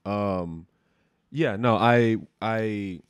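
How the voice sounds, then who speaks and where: Young man with a low, deep voice talks in a loose, rambling, unfiltered way as a podcast host. He speaks close to the mic, and the sound is dry with no room echo. His chat is casual and swears freely. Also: drawn-out words, smooth. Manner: candid, rambling, profane.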